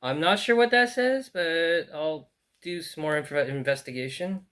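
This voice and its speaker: A man's voice: fairly high pitch, unhurried, a bit bright. A man talking casually as he unboxes and shows old books, thinking aloud with many fillers and restarts. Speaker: book collector. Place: in France.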